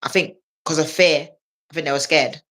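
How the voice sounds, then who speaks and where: This woman tells her stories in bright, ringing tones, jumping into little voices for everyone she quotes. She is a comedian guest on a podcast, chatting casually and laughing between lines. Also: low-pitched, normal speed. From England. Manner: animated storyteller who acts out quoted voices and laughs often. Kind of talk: casual storytelling chat.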